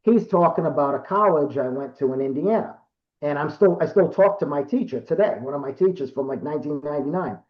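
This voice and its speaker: A man in his fifties from Rhode Island spins a casual, meandering story as a guest, full of fillers and restarts. His voice sits a little high for a man. It comes through a video call with a roomy echo and dull, lo-fi sound. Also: lively intonation, quick pace. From Rhode Island, USA. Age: 50s. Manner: rambling, self-correcting, lots of fillers.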